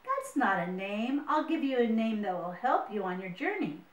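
A wise, gentle she-frog with a touch of magic, as a woman reading a storybook puts her on, calm and encouraging. Her voice is fairly high and carries the ring of a roomy space, heard from some distance. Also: moderate pace, muffled recording. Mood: kindly. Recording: roomy, mic set away.

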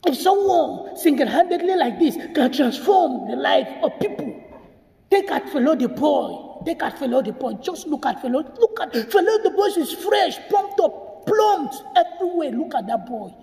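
A man's voice: very high voice, animated, normal speed, creaky, dark tone, echoey room, long reverb tail. A man talking to his viewers in an emotional video commentary, tearful and repeating himself as he appeals to them. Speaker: vlogger.

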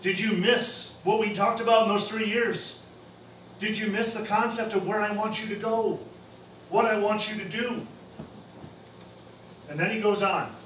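A high-voiced man preaches in a plain, casual way, dropping in everyday slang. He is heard from some distance in a roomy hall that echoes. Faint noise sits under his voice. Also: steady tone, unhurried, long pauses, fairly bright tone. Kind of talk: sermon.

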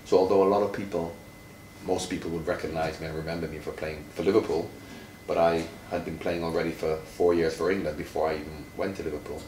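Deep low guy in his 50s, retired footballer quizzing a kid, playful, stretches words, echoey room, sounds far off. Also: level tone, a little mellow. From Jamaica. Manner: playful, quizzing, drawn-out emphasis. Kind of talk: friendly teaching chat with a child. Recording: roomy, from far off, faint noise.

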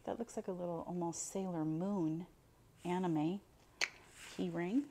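Unboxing mystery boxes for her viewers, a chatty older reseller from Buffalo, New York, exclaims over every item as it comes out. She speaks a little slowly in a lowish, steady voice. Background noise can be heard.

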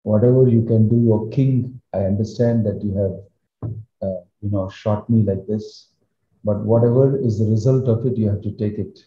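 A man's voice: fairly low pitch, fairly even intonation, moderate pace, faint music behind, natural voice. A man voicing a wounded young man who cries out in pain and reproach, then resigns himself. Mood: resigned. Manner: crying out in reproach. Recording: roomy, slightly dull recording.

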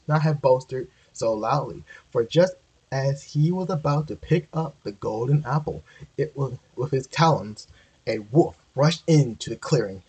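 A man's voice: medium pitch, a little mellow, slightly rough, low-quality recording. A man reading a children's story aloud casually, often stumbling and correcting himself. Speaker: amateur reader.

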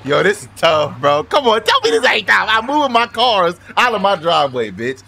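A man giving loud, profane, excitable commentary over his car game, with quick shouted outbursts. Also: high voice, vocal fry. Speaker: gaming YouTuber. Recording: noisy game audio behind the voice.

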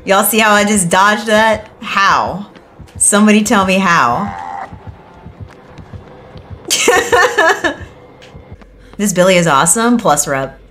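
A young woman streaming a game, excitable and swearing, with bursts of laughter. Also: fairly low pitch, a little hiss or hum. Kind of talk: live game stream commentary.

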